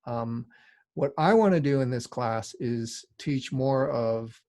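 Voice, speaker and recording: A middle-aged man with a gravelly edge to his voice, lecturing a class in a loose, conversational way. His pitch sits in an ordinary middle range, and the sound is dry and close. He wanders into asides as he teaches. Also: slow pace, a little mellow, no echo. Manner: rambling, conversational, frequent asides. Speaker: design teacher. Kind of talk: lecture with casual storytelling.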